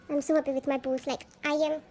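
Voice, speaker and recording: A woman unboxing albums on a casual vlog, gushing excitedly and gasping at each card she pulls. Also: high-pitched, a little hiss or hum.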